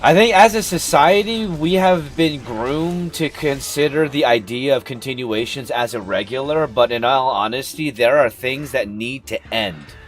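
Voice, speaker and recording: A man's voice: medium pitch, moderate pace, hardly any pauses. Profane ranting man on a game stream. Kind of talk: casual live-stream chat.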